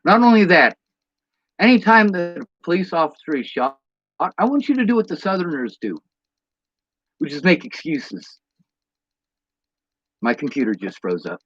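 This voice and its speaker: A man's voice: a little high, big pitch swings, moderate pace, long pauses, fairly bright tone, slightly rough, no echo. Guy ranting at the camera, swears a lot, asks rhetorical questions, dry muffled sound. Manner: blunt, profane, rhetorical questions. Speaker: vlogger.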